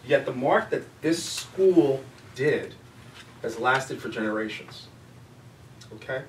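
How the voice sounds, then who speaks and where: A man's voice: medium pitch, lively intonation, slow. Male group-study leader, casual and conversational, recorded from a distance in a roomy hall. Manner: conversational, asks the group questions. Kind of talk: casual teaching. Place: church meeting room. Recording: echoey room, distant mic, faint noise.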